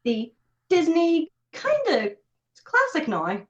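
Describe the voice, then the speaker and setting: A woman with a Northern Irish accent hosts a podcast, chatting casually and laughing easily. Her voice is very high, with huge pitch swings and a slow pace. It comes through a video call as dull, lo-fi audio.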